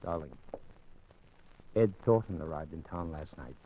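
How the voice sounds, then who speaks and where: A man's voice: very deep voice, a little slow, a little hiss or hum. A man playing a wealthy, courteous man under suspicion in 1940s radio acting, easygoing with hesitant restarts. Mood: pleading. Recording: dull lo-fi old radio recording, faint music.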